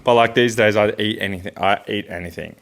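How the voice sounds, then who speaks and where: A man's voice: lowish voice, fast, gravelly, a bit bright. A young man co-hosting a podcast, telling a story in casual chat with lots of fillers. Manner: rambling storyteller, many fillers. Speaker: podcast co-host.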